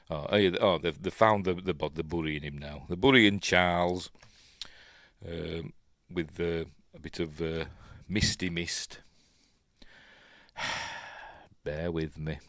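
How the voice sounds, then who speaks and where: A man's voice: deep voice, slow pace, long pauses, a bit bright, no room sound, clean studio sound. A man with a Yorkshire accent casually commentating on an old film as he watches, rambling and chatty with lots of fillers. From Yorkshire, England. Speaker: film review host.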